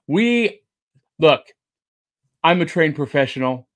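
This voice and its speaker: Man, podcast host, upbeat jokey patter, slightly high voice, unhurried. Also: lively intonation, soft background music. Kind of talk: casual podcast chat.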